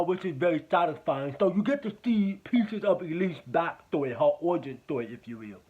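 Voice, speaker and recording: Guy with a pretty high voice doing a rambly swear-heavy movie review, sounds tinny like over a phone. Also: animated, normal speed, few pauses. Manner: rambling, profane, repeats himself. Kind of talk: casual spoken movie review.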